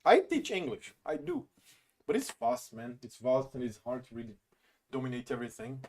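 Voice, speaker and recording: A man's voice: medium pitch, huge pitch swings, normal speed, a little mellow. A young man whose first language is Portuguese, chatting casually and self-deprecatingly on a live stream in English.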